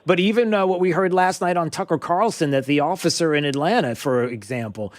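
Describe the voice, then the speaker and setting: A man's voice: on the high side, a little fast, no echo, clean studio sound. Emphatic male talk radio host. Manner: emphatic, many repeated fillers and restarts. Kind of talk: political talk radio interview.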